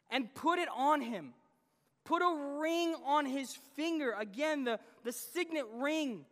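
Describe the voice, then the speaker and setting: A man preaching a sermon as a guest preacher, animated, acting out the father's lines in the story. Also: very high-pitched. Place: church sanctuary. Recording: long reverb of a church hall.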